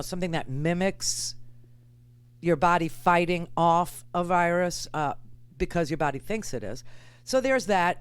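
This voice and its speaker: Older woman, talk radio host, candid and chatty, smooth voice, dry close sound. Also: fairly low pitch, no room sound. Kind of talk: political talk monologue.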